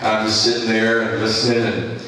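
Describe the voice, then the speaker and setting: A man's voice: fairly low pitch, flat delivery, moderate pace, sharp tone. Man preaching in a far-off echoey hall. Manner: rambling anecdotal delivery with restarts. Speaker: pastor. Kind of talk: sermon storytelling. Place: church. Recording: echoey church hall from a distance.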